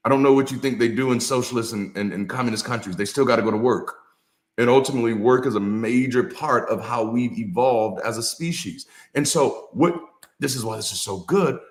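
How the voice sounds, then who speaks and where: A former pastor talks through a motivational session in a loose, preachy rhythm, hammering phrases by repeating them. He mixes slang and cursing into the talk at a mid-range pitch. The room gives his voice a noticeable echo. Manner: casual, with slang and swearing. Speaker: ex-pastor and co-host. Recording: echoey room.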